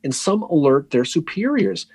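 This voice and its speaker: A man co-hosts a history podcast and tells it like a lively story, teasing his partner and acting out the quotes. His voice is a bit husky and swings widely in pitch. The recording is dry and close. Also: moderate pace, no echo. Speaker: podcast co-host.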